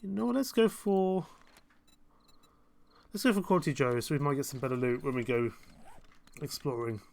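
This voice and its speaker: A man's voice: fairly high pitch, normal speed, gravelly, a little mellow. A young man chatting through a live gameplay stream, rambling and self-mocking, chuckling often. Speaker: game streamer. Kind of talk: casual live gameplay commentary.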